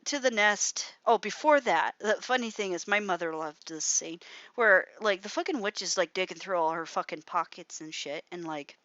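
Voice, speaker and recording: A young woman with a slightly low voice chats casually on her drawing stream, piling on fillers and swear words as she recounts a story. Now and then she drops to a soft mutter while she works. The sound is dry and a little dull, like a cheap home mic. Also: moderate pace, no echo. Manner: rambling storytelling, constant "like" fillers and frequent swearing. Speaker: artist livestreaming while drawing. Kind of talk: casual rambling livestream commentary.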